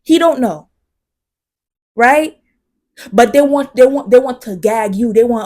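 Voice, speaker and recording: Woman vlogger, husky voice, passionate and emphatic, dips into near whispers. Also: fairly high pitch, animated, unhurried, long pauses, darkish tone. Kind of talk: casual commentary to camera.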